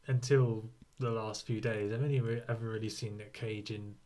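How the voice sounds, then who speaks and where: A man's voice: lowish voice, flat delivery, normal speed, warm tone. Chatty man co-hosting a podcast. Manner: laughs often, loose and chatty. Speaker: podcast co-host. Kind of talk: casual film review chat.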